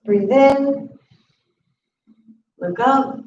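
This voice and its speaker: A woman teaching a chair yoga class, calmly cueing each breath and movement. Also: high voice, drawn-out words. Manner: calm instructive cueing of breaths and moves. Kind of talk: guided exercise class. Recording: roomy, distant, muffled audio with faint hiss.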